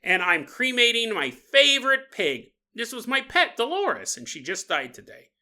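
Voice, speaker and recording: A man's voice: very high voice, big pitch swings, moderate pace, sharp tone, exaggerated voice. A man voicing a cranky old woman who shrilly scolds and curses someone in a comic podcast story. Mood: indignant. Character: grieving cranky old woman cursing a thief.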